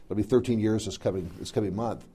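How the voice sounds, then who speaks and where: A man's voice: lowish voice, quick pace, warm tone, breathy edge. A middle-aged man preaching, telling a folksy personal story full of quoted dialogue. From American South. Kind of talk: storytelling sermon.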